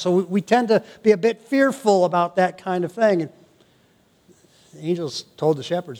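An older man delivers a sermon in a high, bright-sounding voice. He preaches in an animated way, breaking into laughing asides and playful exclamations. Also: normal speed. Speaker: pastor.

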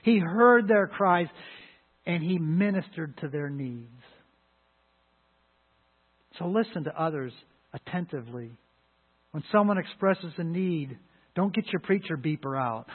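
A pastor preaching a sermon, talking emphatically with frequent restarts and sudden loud rises. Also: male voice, on the high side, lively intonation, a little slow, pauses often, breathy edge. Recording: phone-like lo-fi line.

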